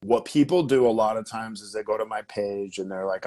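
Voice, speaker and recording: A man as a podcast guest, giving energetic marketing advice in an emphatic way, often repeating words and asking rhetorical questions. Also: lowish voice, brisk, hardly any pauses. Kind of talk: energetic marketing coaching talk.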